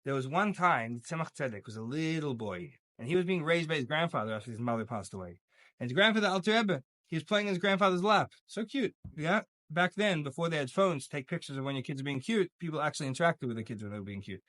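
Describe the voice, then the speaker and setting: A man teaching a casual religious lesson, with lots of jokes and stories acted out in voices. His voice is fairly high and swings widely. The sound is dry and close. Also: quick pace, no echo. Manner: animated, jokey, acts out voices. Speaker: Torah teacher.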